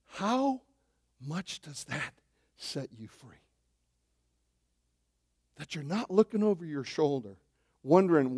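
Male pastor, sermon, fairly high voice, lively swings from loud to hushed, asks the congregation questions. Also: slow pace, long pauses. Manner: addresses listeners as saints, asks questions.

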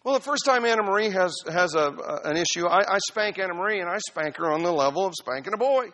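A middle-aged man preaching from the pulpit with a notably high voice. His tone is bright and forward as he explains a passage. He keeps it conversational and emphatic, weaving in personal stories like he's talking with his own church family. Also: lively intonation, quick pace. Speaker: pastor. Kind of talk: expository sermon.

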